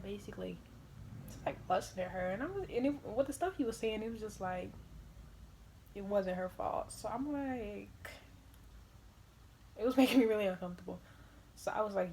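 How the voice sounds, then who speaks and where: A young woman vlogger telling casual stories in an animated way, laughing often and swearing freely. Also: mid-range voice, fairly quick, pauses often, a little hiss or hum. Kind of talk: casual storytime.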